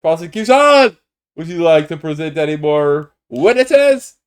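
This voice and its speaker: A man's voice: a little high, big pitch swings, measured pace, clean tone, voice pushed up. A man voicing a flustered male judge in a Minecraft roleplay, stumbling over his words as he runs the court. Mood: judging.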